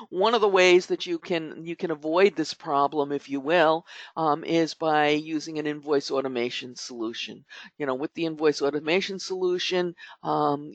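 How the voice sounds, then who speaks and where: Middle-aged male podcast host, slightly high voice, rambling chatty delivery, dry dull lo-fi audio. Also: vocal fry, no echo. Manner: chatty, rambling, frequent fillers and restarts. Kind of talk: conversational podcast advice.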